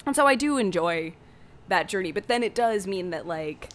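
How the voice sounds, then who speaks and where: A woman's voice: mid-range voice, animated. Casual podcast woman recapping a movie, laughs a lot, does little voices for the characters, faint background hiss. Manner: giggly, acts out characters' lines in quick voices. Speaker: podcast co-host.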